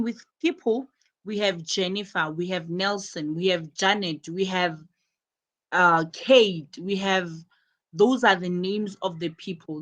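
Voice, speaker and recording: A woman's voice: mid-range voice, fairly bright tone. A woman teaching an English class to students, patiently explaining and repeating her examples step by step. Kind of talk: live online class instruction.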